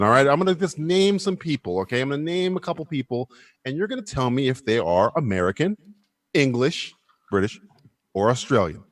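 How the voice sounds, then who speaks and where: A man's voice: medium pitch, sing-song, fairly quick, no room sound, clean studio sound. A man hosting a casual livestream talk show, running a quiz game with rowdy joking, frequent swearing and stammered restarts. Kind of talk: casual profane livestream banter.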